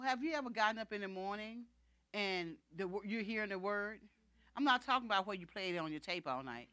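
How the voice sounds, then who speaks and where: A woman's voice: medium pitch, fairly bright tone, dry recording. A middle-aged woman preacher giving a sermon, emphatic and repetitive, often saying "you know". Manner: emphatic, repeats key phrases, frequent "you know".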